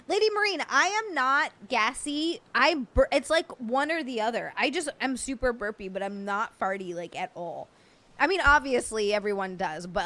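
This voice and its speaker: A young woman livestreams from home, chatting casually with viewers and answering them, often laughing. Her voice is on the high side, bright and forceful, and her manner is blunt and playful with crude jokes.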